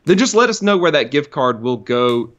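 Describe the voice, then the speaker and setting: A man's voice: on the high side, big pitch swings, moderate pace, fairly bright tone. A man co-hosting a casual livestream from his room at home, dry and laid-back, playing along with the jokes. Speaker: co-host of a comics livestream. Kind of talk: casual live-stream chat. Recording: dull lo-fi home stream audio.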